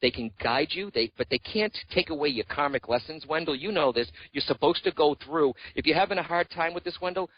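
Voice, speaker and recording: On a radio show, a male psychic medium guest reassures a caller during a reading, earnestly addressing them by name again and again. His voice is on the high side and animated, a little fast with few pauses, on a dry, lo-fi recording.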